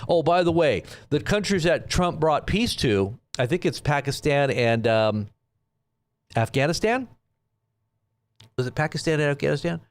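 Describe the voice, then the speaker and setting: A man's voice: a little high, animated, normal speed. A man hosting a live stream, giving rambling, sarcastic commentary on the news. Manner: sarcastic, rambling, with frequent restarts.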